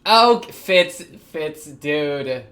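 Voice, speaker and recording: Excitable young man reacting to anime. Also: on the high side, drawn-out words. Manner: excitable, laughs often, talks to the characters on screen. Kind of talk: casual reaction commentary.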